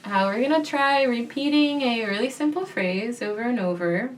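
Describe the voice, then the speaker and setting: A young woman guiding a gentle voice practice in a soft, calm, reassuring way. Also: a little high, moderate pace, recorded from a distance, slight background noise. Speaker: voice teacher.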